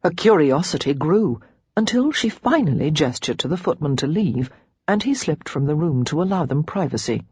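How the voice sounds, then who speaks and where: Narrator: woman, husky tone, lively melody, dry close mic, romance audiobook reading. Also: moderate pace, dry recording. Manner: gives the characters their own pitch and tone. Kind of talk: scripted narration of a romance novel.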